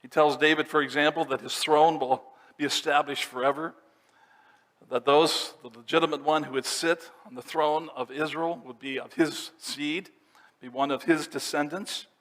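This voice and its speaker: A pastor giving a sermon, explaining scripture verse by verse in a teaching manner. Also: male voice, a little high, steady tone, normal speed, a bit bright. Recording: long reverb of a church hall.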